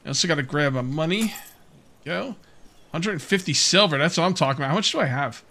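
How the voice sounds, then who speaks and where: A man's voice: a little high, animated, quick pace. A man casually commenting while playing a survival game, rambling and questioning himself, with hiccups. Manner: musing, rambling, self-questioning with soft laughs. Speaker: gameplay let's player.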